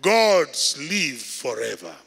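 A man with a Kenyan accent, a bishop preaching a loud sermon and calling out to the congregation in a large church. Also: medium pitch, big pitch swings, slow pace, vocal fry, breathy edge. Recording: echoey church hall.

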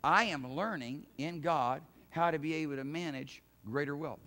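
High-voiced preacher, swinging soft to loud. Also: male voice, moderate pace. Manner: swings from low murmurs to loud, shouted emphasis; folksy preaching with rhetorical questions. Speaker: pastor. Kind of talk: sermon. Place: church sanctuary.

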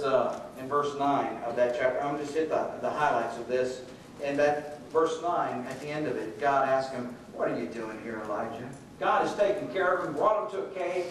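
High-voiced preacher in echoing church. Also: male voice, slight background noise. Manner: storytelling, acts out quoted voices. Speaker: pastor. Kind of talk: sermon. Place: church sanctuary. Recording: echoey hall from far off.

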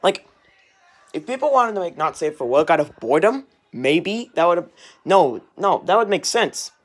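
A man's voice: high-pitched, big pitch swings, normal speed. A young man ranting in a casual vlog while doing dishes in his home kitchen, angry and rambling, swearing often, recorded on a handheld camera as he walks around. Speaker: vlogger. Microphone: handheld camera, walking around.

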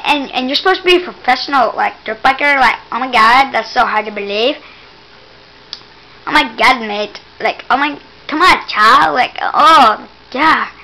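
This woman gives casual gameplay commentary in a high voice, excitable and teasing, exclaiming over and over and mock-scolding the player. The audio quality is poor.

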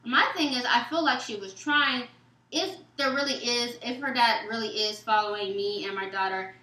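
A woman tells a story in a relaxed question-and-answer chat, slipping into the voices of the people she quotes. Her voice is bright and sits a little high. The room around her is echoey. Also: moderate pace. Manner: animated, acts out quoted texts and dialogue; casual, informal speech. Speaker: guest.

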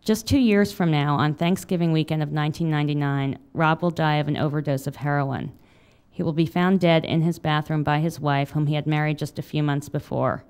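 Low, smooth-voiced woman author. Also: fairly even intonation, darkish tone. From United States. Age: 30s. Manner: wry, confessional; halting with fillers when unscripted. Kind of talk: memoir reading, then audience Q&A.

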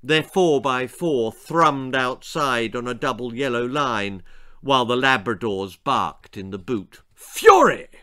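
A man's voice: medium pitch, unhurried, bright, forceful tone. A man reading his own comic children's horror story aloud in a theatrical, comic manner. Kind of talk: storybook narration.

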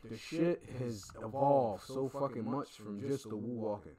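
A man's voice: medium pitch, a little slow, a crowd in the background. A man hosting a reaction video, talking in a rambling, slangy way that trails off and corrects itself. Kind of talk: casual reaction commentary.

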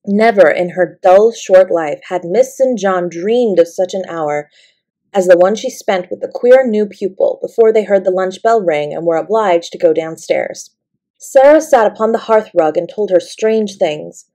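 A woman narrating a bedtime story in a gentle, expressive way. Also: medium pitch, moderate pace. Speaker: audiobook narrator.

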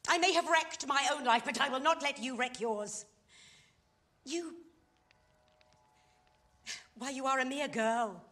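Actress doing a fallen society woman, stage drama, impassioned pleading, bright tone, high voice. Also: takes it slowly, long pauses, heavily acted. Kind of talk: stage play scene.

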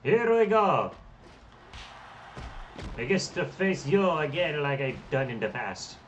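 A man hosting a let's play, commenting on his match with loud, swearing reactions. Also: on the high side, lively intonation, takes it slowly, distant mic, dull audio, slight background noise. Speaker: gaming channel host.

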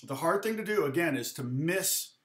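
A man's voice: fairly high pitch, expressive, moderate pace, fairly bright tone, roomy sound. A middle-aged man teaching a live online guitar lesson, counting rhythms aloud and chatting to himself as he goes.

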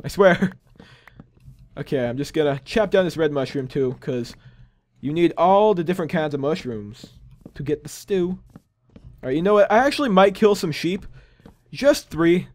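A man's voice: fairly high pitch, animated, moderate pace, pauses often. A young man hosting a gaming channel, chatting casually and rambling with upbeat, self-amused asides while he plays. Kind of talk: casual gameplay commentary.

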